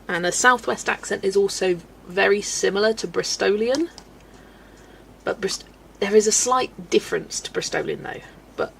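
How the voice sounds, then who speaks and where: A woman with a Southwest English Wiltshire accent talks casually to her live-stream viewers. Her voice sits at a middle pitch with a gravelly, creaky edge. She laughs often and pokes fun at herself, and faint pencil scratching and room hiss run underneath. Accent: Wiltshire, Southwest England. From Southwest England. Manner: chatty and self-deprecating, laughs often. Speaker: colouring live streamer answering chat.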